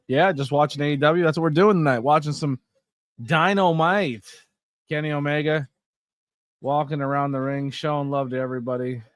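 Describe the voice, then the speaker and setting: A man's voice: mid-range voice, no room sound, studio quality. A tired, yawning man hosting a casual watch-along stream, chatting to viewers in the chat. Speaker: podcast host.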